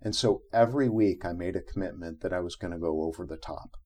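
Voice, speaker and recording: This middle-aged man, a guest in an interview, talks fast in a low voice while relating a personal story. He gets animated and voices the quotes himself as he goes.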